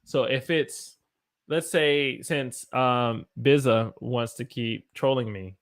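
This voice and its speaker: Brief: American male English teacher, mid-pitched voice, casual live-stream talk that answers viewers between examples. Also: takes it slowly. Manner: stops to self-correct and search for examples.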